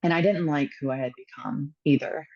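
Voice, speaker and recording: A woman telling a candid personal story as a podcast guest, earnest and reflective, pausing often with fillers. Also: low voice, a little mellow, lo-fi sound.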